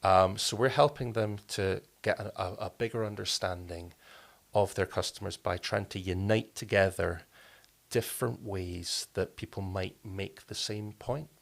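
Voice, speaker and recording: A man talks through ideas as an interview guest. His voice sits low and carries a gravelly fry. He thinks aloud, restarting phrases and filling pauses as he goes. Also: steady tone. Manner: thoughtful, many restarts and fillers. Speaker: podcast guest, company co-founder. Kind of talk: casual interview talk.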